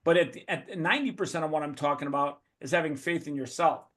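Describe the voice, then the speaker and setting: High-voiced, profane motivational man. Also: fairly bright tone. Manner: blunt, profane, emphatic. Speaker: guest speaker. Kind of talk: motivational talk. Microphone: video call.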